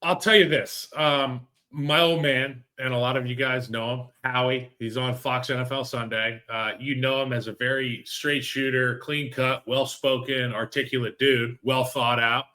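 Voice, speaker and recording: A man's voice: mid-range voice, steady tone, moderate pace, few pauses, sharp tone. A man co-hosting a sports talk show, chatting casually and telling stories over a video call. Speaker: podcast co-host.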